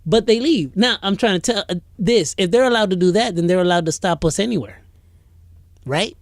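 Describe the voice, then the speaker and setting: A man's voice: high voice, brisk, no room sound, clean studio sound. A man co-hosting a podcast, telling a story in casual chat with many restarts and stalls. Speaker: podcast co-host.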